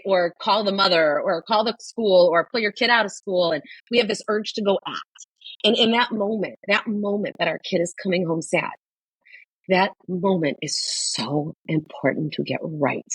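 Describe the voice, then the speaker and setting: Emphatic woman, husky and dry. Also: lowish voice, dry recording, poor audio. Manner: emphatic, repeats key points. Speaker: guest, social worker and psychotherapist. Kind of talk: podcast conversation.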